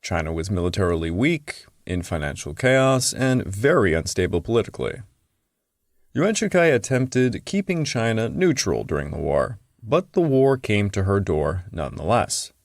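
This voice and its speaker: Man, history podcast host, lowish voice, casual narration, wry asides, dry close mic. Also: sing-song, moderate pace, vocal fry, no room sound. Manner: conversational asides, wry and blunt.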